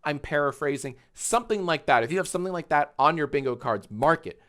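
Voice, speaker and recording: A man streaming live and reacting to a clip, talking in a halting, rambling way with sudden swearing outbursts. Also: a little high, animated, fairly bright tone.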